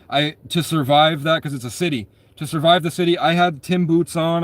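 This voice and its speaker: A man's voice: a little high, no echo. Rambling, profane young man telling stories. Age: 20s. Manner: rambling, profane, frequent self-corrections. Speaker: storyteller. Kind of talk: casual personal storytelling.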